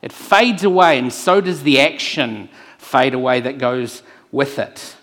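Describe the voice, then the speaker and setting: A man preaching a sermon and telling a personal story, earnest, moving between hushed lines and emphatic ones. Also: mid-range voice, expressive, a little slow. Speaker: pastor.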